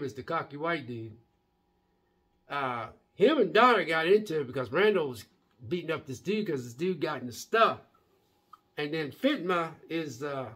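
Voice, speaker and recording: A man talks through a TV episode in a casual recap vlog. He rambles and restarts often, and his somewhat high voice has a husky edge. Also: fairly bright tone. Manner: rambling, loose retelling with many restarts and fillers. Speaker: TV episode reviewer.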